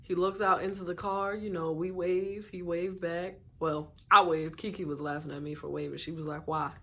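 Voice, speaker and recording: A woman vlogger doing an animated, amused storytime narration. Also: lowish voice.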